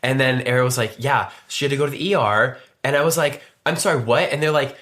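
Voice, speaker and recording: Guy, podcast co-host, casual chat, meandering, mid-pitched voice. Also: fast talker, fairly bright tone. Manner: rambling storyteller, many restarts and fillers.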